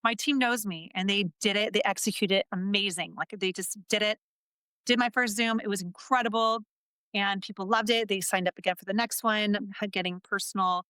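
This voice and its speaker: A woman speaks in a heartfelt, earnest way and often repeats a phrase to drive it home. Her voice sits at an ordinary middle pitch. The recording is close and dry, with no room sound. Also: fairly even intonation, a little fast, sharp tone, clear, resonant tone, no echo. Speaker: podcast guest, entrepreneur and coach. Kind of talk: casual interview talk.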